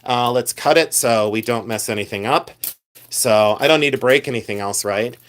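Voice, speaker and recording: A man's voice: mid-range voice, normal speed. A middle-aged man hosting a live reseller stream, chatting animatedly and reading viewer comments aloud as he shows his finds. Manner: mimics shouting collectors for laughs. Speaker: reseller host. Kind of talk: live-stream show-and-tell chat.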